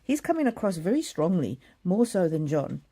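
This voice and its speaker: A middle-aged woman doing a live oracle card reading, gentle and halting, with many pauses, fillers and repeated words. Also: on the low side, big pitch swings, breathy edge. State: choked up with emotion. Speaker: psychic card reader.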